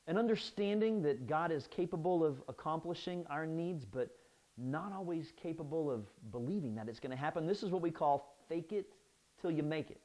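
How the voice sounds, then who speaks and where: A man's voice: on the high side, expressive, brisk, a little mellow, poor audio. A man preaching a sermon as pastor, often restarting his phrases and asking the listeners "right?".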